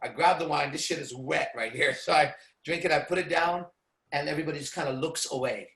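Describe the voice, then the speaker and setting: A man telling profane, animated stories to a small audience as a seminar speaker. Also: fairly high pitch, fairly quick, reverberant. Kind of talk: storytelling to a live audience.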